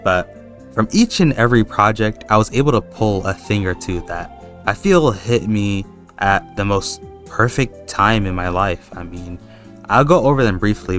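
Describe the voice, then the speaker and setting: A man's voice: on the low side, a bit bright. A young man rambling casually in a vlog, slangy and swearing, calling his viewers bro. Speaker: video essayist.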